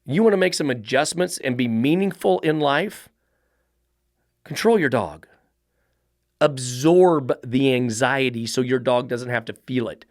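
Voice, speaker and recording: A man's voice: mid-range voice, measured pace, no echo. Blunt man in his middle years, dog trainer host, cusses, dry close sound. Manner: blunt, profane, fires rhetorical questions. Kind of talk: podcast monologue.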